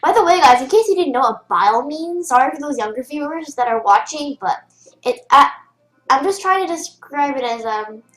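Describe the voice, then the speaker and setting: A woman's voice: high voice, lively intonation, normal speed, fairly bright tone, reverberant, low-quality recording. A young girl in a casual tutorial, chatty and rambling with lots of fillers and restarts, keyboard typing behind her. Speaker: game tutorial host. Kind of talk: casual screen-recorded tutorial.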